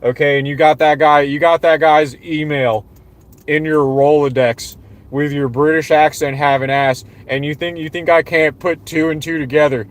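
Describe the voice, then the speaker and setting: Streamer type: young Southern man from Florida, mocking and sarcastic, slightly high voice, repeats lines for effect. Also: steady tone, moderate pace. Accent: Southern American. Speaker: livestream host. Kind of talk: ranting livestream monologue.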